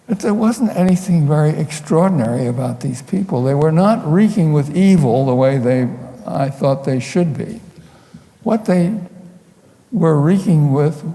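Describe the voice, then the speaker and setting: Speaking a little on the high side, this older man has a creaky, warm voice. He's a photographer telling rambling, wry tales over his slides at a public lecture, and the hall's reverb colors the sound.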